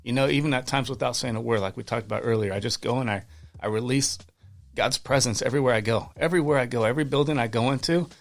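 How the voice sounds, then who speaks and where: Gravelly earnest man telling faith stories. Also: mid-range voice, fast. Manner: earnest, fervent, many restarts and repeated words. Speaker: podcast guest. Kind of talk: casual interview storytelling.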